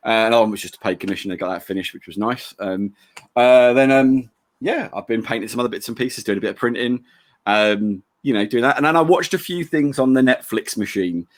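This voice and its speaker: A young man co-hosts a podcast in a brisk, medium-pitched voice, keeping the chat casual, rambling and easygoing while frequently stumbling over his words.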